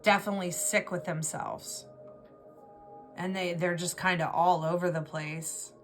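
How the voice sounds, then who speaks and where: A woman's voice: lowish voice, steady tone, measured pace, soft background music. A woman giving an intuitive tarot reading, talking in an emotional, rambling way and often restarting her words. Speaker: tarot reader.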